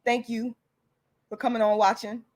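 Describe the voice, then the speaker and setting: A woman with a somewhat high voice rants to her livestream viewers. She is angry and blunt, and she swears freely. Her delivery is defiant and hammers every point home. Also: level tone, moderate pace, darkish tone. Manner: angry, profane and emphatic; blunt and defiant, with repeated insults. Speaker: channel host. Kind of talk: heated livestream rant to viewers.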